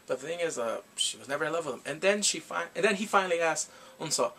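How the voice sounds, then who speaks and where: This is a young man with a voice a touch higher than most men's. He retells a story in a loose, chatty vlog style. He is expressive and theatrical, and he throws in exclamations as he goes. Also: a little fast, slightly rough. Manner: animated, dramatic storytelling with exclamations. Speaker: drama reviewer. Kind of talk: casual recap vlog.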